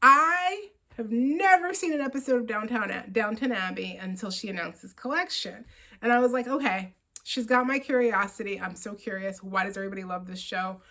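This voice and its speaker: Excitable woman rambling about her yarn haul, laughs a lot, casual podcast chat. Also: on the high side, fairly quick, poor audio. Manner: chatty and excitable, laughs often, rambling asides. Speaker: knitting podcast host.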